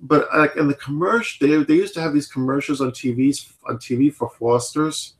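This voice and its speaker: A man in his thirties chatting casually as a podcast host, rambling and filling pauses with "like" and "you know". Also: on the high side, fairly even intonation. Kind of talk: casual chat.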